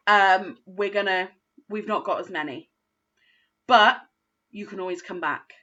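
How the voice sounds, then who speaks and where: Patient, lively-voiced woman teaching phonics. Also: medium pitch, dull audio. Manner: slow, patient, sounding out words. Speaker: primary school teacher. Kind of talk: recorded phonics lesson for young children.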